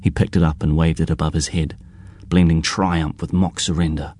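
Man narrating a novel, very low voice, dark mellow tone, dry close sound. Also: flat delivery, moderate pace, no echo. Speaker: audiobook narrator. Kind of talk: scripted narration.

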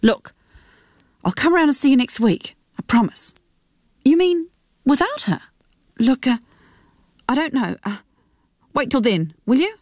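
Woman reader as stammering evasive son, lively delivery, radio storybook. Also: sits high, a little slow, pauses often, no room sound, clean studio sound, pitched above the performer's own voice. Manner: stammering, hesitant. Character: evasive, flustered young adult son. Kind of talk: radio reading of a novel.

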